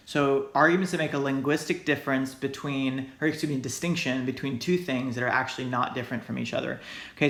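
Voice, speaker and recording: A man's voice: medium pitch, fairly bright tone, reverberant. A male teacher giving a recorded lecture in a loose, hedging way, often checking in with "right?" and "okay?". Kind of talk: recorded lecture explaining logic.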